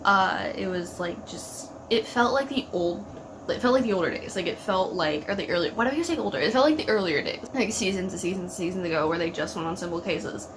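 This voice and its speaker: A woman's voice: on the low side, brisk, noisy background. A young woman chatting emotionally about a TV episode, filling her talk with "like" and talking back at the screen. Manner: gushing, filler-heavy, talks back at the screen. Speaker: TV reaction vlogger. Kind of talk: casual emotional reaction chat.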